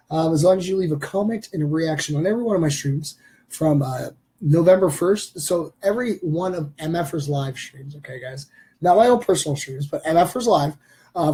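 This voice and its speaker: A man hosting a live stream in a loose, rambling way, filling gaps with lots of ums and uhs. His voice is husky and mellow, sitting a touch high for a man. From Canada. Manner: rambling with many fillers. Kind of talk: casual live stream chat.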